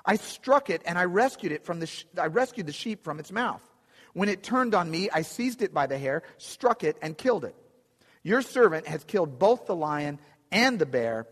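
A man's voice: high-pitched, very animated, normal speed, a bit bright, in a large hall, heavily acted. A man retelling a story, voicing a bold teenage shepherd boy who speaks with confident indignation.

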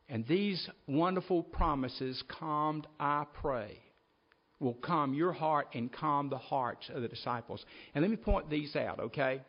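A man preaching a sermon, reading scripture aloud and earnestly addressing his listeners as folks. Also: fairly high pitch. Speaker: pastor. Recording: dull lo-fi recording.

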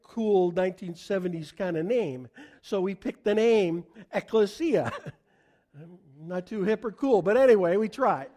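A middle-aged pastor with a notably high voice gives a relaxed, conversational sermon. He talks to the congregation as if chatting with them and often throws questions out to them.

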